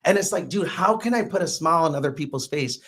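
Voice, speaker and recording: High-voiced man telling stories emphatically. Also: fast talker. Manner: animated, emphatic, preachy asides. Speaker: podcast guest, entrepreneur. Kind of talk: casual interview storytelling.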